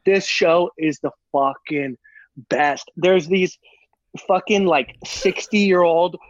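A man's voice: high-pitched, steady tone, slow, dry recording, muffled recording. A man in casual podcast chat, swearing freely and talking emphatically, calling others dude. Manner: profane, emphatic, says dude a lot.

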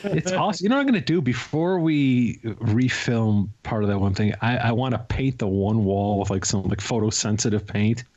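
A man's voice: on the low side, moderate pace, a little mellow, highs cut off. A man co-hosting a podcast, chatting casually and joking at his own expense. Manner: joking, chatty, self-deprecating. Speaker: podcast co-host.

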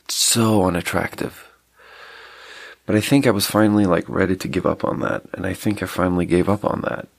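A man's voice: sits low, steady tone, fast talker, vocal fry, few pauses, dry recording, clean studio sound. A man with a stuffy nose talking alone on his podcast in a rambling, reflective, self-deprecating way, with a slight South African slip in his accent. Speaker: podcast host. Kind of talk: casual solo podcast monologue.

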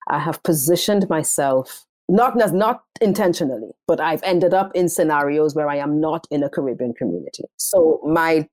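A woman from Trinidad with a Trinidadian accent mixed with New York, a theater director telling her story in an interview with animated, repeating phrasing. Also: sits low, moderate pace, few pauses, dry recording. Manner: animated, repeats words while finding them.

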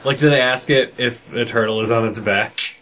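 A man's voice: mid-range voice, moderate pace, a bit bright. A man co-hosting a podcast in easygoing casual chat, laughing often. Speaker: podcast co-host.

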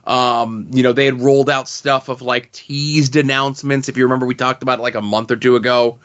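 A man's voice: medium pitch, little pitch movement, a little fast, a bit bright, highs cut off. A man co-hosting a comics podcast in casual chat, rambling with lots of fillers. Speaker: podcast co-host.

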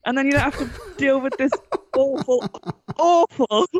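A woman's voice: sits high, level tone, fast talker, no echo. A woman from Derbyshire with an East Midlands accent, co-hosting a casual review chat and ranting in an exasperated way, with some swearing. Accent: East Midlands English. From Derbyshire, England. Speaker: podcast co-host reviewer.

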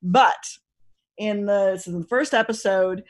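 A woman's voice: mid-range voice, unhurried. A woman co-hosting a podcast, chatting casually in a rambling, profane way with lots of restarts. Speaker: podcast co-host discussing costumes. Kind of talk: casual chat.

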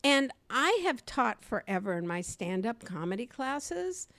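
An older woman, co-hosting a podcast and telling stories in an animated way, swinging from quiet asides to loud outbursts and laughing often. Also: a little high, a little slow, dry recording. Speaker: podcast co-host and comedy teacher. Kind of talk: animated conversational storytelling.

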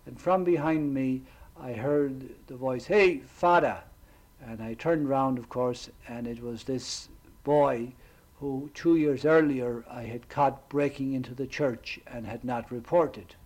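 Slow, measured priest telling a story. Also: male voice, medium pitch, a little mellow, rough recording. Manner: measured, reflective storytelling with pauses. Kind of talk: storytelling sermon.

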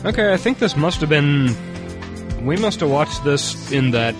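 A man's voice: a little high, expressive, moderate pace, music in the background. A man co-hosting a rewatch podcast, joking and riffing about an episode as it plays. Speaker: podcast co-host. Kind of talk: casual rewatch commentary.

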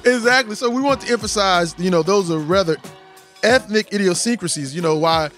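This is a Texan man with a Southern drawl and a notably high voice. He rambles through his points with emphasis and plenty of slang. Soft music plays faintly underneath. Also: a little fast. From Austin, Texas. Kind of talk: casual discussion.

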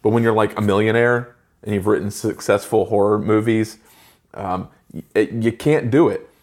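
A man's voice: fairly low pitch, darkish tone. A man in his forties giving an opinionated, ranting movie review in casual chat with a co-host. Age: 40s. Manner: opinionated, ranting with quick asides.

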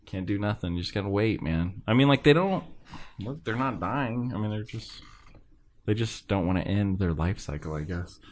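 Laid-back low-voiced male podcast co-host. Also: lively intonation, moderate pace. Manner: laid-back, chuckling, reads listener reviews aloud. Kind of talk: casual podcast chat.

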